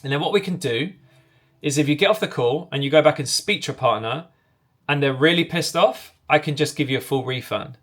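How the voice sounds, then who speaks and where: A man teaching sales technique in a direct, commanding way, voicing both the seller and the customer as he walks through a call. His voice sits a little higher than most men's. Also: fairly bright tone. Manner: acts out both sides of sales calls in quick back-and-forth. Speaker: sales coach. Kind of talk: instructional talk to camera.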